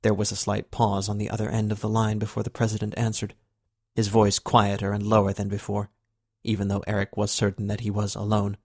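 Male audiobook narrator, lower pitch, steady scripted read. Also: fairly quick, dry recording, studio quality. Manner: steady, even storytelling.

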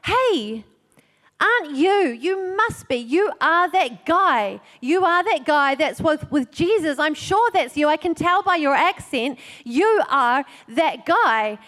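A woman's voice: sits high, expressive, slow, a bit bright, heavily acted. A woman doing an insistent accusing bystander. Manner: insistent, repeating himself. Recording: long hall reverb.

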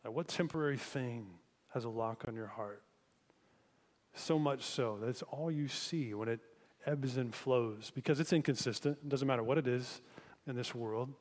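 Man, pastor, sermon, conversational, reflective questions to listeners, mid pitch, long hall reverb. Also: normal speed.

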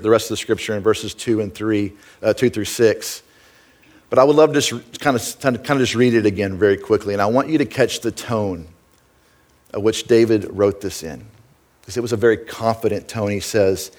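A middle-aged pastor with a lowish voice and darkish tone preaches a sermon in an earnest, conversational way. He frequently checks in with his listeners by asking "right?".

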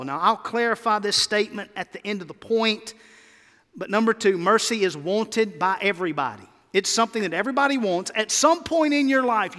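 A man preaching in a church sanctuary, his voice high and bright. He leans hard on key words and keeps prompting the congregation to answer back. A long hall reverb trails every phrase. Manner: emphatic, calls for congregation responses. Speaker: pastor. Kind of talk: sermon.

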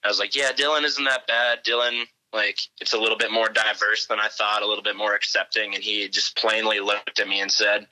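A man's voice: lowish voice, level tone, brisk, hardly any pauses, bright, forceful tone, rough recording. A young man telling sarcastic stories in casual chat, sounding like he is on a remote line. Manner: sarcastic storyteller.

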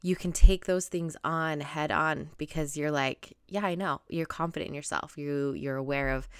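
A young woman talks alone into a close mic for her podcast, bubbly and gushing. Her voice is smooth and fairly low for a woman, and the sound is dry with no room around it. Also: fairly even intonation, moderate pace, a bit bright, no room sound. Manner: bubbly, gushing, laughs and gasps often. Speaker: podcast host. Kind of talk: solo podcast monologue.

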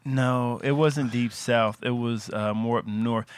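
A man's voice: medium pitch, slow, smooth, dry recording, clean studio sound. A man co-hosting a podcast, chatting casually and chiming in with his own memories. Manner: lively, chimes in to back up the story. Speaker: podcast co-host. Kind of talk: casual chat.

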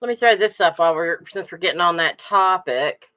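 A woman's voice: fairly low pitch, a little fast, a bit bright. A middle-aged woman co-hosting a casual chat, telling stories and laughing often. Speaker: podcast co-host.

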